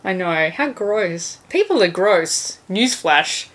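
Brief: relaxed female podcast co-host, a bit lower in pitch, candid and chatty. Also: takes it slowly. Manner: chatty, candid, hesitant fillers. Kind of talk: casual film chat.

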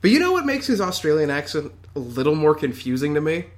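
A man's voice: a little high, very animated, fast. A man co-hosting a casual chat, hesitant, with many fillers and restarts. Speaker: podcast co-host.

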